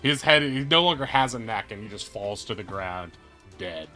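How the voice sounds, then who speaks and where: A man's voice: fairly low pitch, lively intonation, moderate pace, music in the background. A man running a tabletop game as game master, chatty and playful, narrating with casual fillers.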